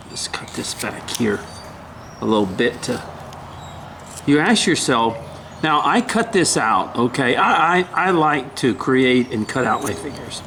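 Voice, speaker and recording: An older man giving a casual woodcarving demonstration, talking haltingly, often clearing his throat and apologizing. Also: medium pitch, fairly bright tone, a little hiss or hum. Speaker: woodcarving instructor.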